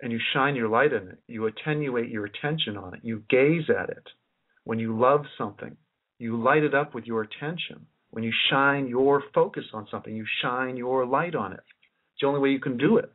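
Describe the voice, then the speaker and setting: Husky guy rambling through a lecture, keeps restarting sentences, tinny lo-fi sound. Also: medium pitch, fairly quick. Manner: musing, repeats and restarts phrases. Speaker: independent researcher giving a presentation. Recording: tinny lo-fi recording.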